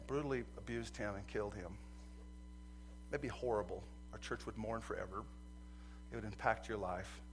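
A man preaching a sermon as pastor, swinging from quiet asides to loud emphatic passages and acting out a courtroom story. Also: on the low side, a little hiss or hum. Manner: acts out courtroom scenes in quoted voices.

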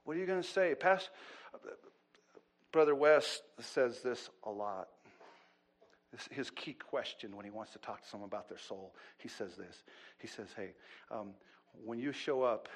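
A middle-aged man preaching a sermon as pastor, swinging from loud, animated bursts to quiet asides. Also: fairly low pitch.

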